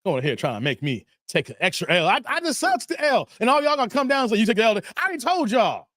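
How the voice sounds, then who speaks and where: A man's voice: high-pitched, very animated, fast talker, fairly bright tone, no echo, studio quality. A man hosting a live stream and reading chat comments, talking in a teasing, playfully exasperated way.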